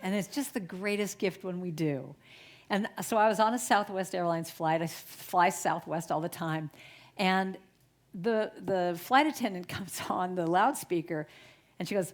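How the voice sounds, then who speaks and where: Middle-aged woman, guest speaker, animated and chatty storytelling sermon. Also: fairly low pitch, moderate pace. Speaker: guest speaker at a spiritual center.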